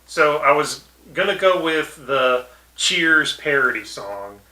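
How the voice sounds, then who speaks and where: Bright, higher-voiced man co-hosting a podcast. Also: slow, echoey room, rough recording. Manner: relaxed, chuckling, leads the segments. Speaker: podcast co-host. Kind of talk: casual episode review chat.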